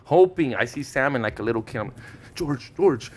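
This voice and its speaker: A man's voice: mid-range voice, fairly quick. A man in his thirties whose first language is Spanish, telling stories animatedly in casual podcast chat, slangy and swearing, acting out what people said. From Mexican-American, Southern California. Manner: animated storyteller, slangy, swears, acts out quotes. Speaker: podcast guest.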